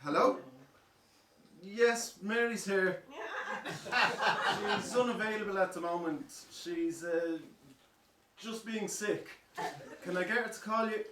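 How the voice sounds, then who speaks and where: A man's voice: high voice, slow, long pauses. A man acting an awkward, polite, flustered man in a live stage comedy, with fussy, hesitant delivery. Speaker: amateur stage actor. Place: stage in a hall. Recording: echoey hall from far off, with clear hiss.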